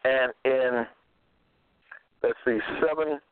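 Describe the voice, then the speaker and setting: A man delivering a self-made religious monologue. He cites scripture references and pauses to search for verses. He repeats his points insistently. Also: medium pitch, steady tone, smooth, dry recording. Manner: halting, searching for verses aloud; repetitive, insistent. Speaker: preacher. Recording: narrow phone-like sound, dry.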